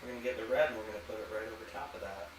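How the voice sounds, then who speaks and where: Relaxed man talking through a painting. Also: fairly low pitch, rapid-fire, reverberant, background noise. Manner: relaxed, thinks aloud while painting. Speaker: art channel host. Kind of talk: painting demonstration. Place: home art studio.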